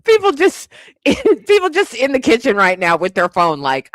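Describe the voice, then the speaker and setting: A woman's voice: on the high side, huge pitch swings, moderate pace, no echo, studio quality. A young woman hosting a casual livestream, reading chat guesses aloud, laughing often and teasing with casual swearing.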